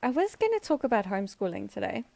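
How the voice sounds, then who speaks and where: A woman's voice: medium pitch, sing-song, fast, creaky, a little mellow, no room sound. A middle-aged woman, hosting a casual livestream chat, rambling and laughing with fillers. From South Africa. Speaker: livestream host.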